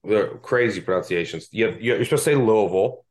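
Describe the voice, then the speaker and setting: A man with a lowish voice talks fast, hosting a sports betting podcast in a chatty, self-deprecating style. He's from Delaware County, Pennsylvania, and has that Philadelphia-area local accent.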